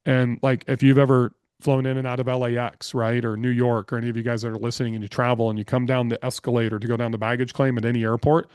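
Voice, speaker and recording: A man guesting on a podcast, telling business stories in an energetic, blunt way and swearing freely. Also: mid-range voice, fast, few pauses, clear, resonant tone, dry recording. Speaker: podcast guest, real estate investor. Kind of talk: casual interview storytelling.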